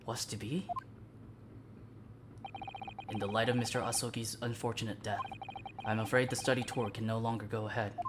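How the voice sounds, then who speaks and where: A woman's voice: a bass voice, flat delivery, moderate pace, pauses often, noisy background. A woman doing a grave, stiff police inspector. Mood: formal. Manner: grave, formal. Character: stern, formal older male police inspector. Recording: voice over loud game music.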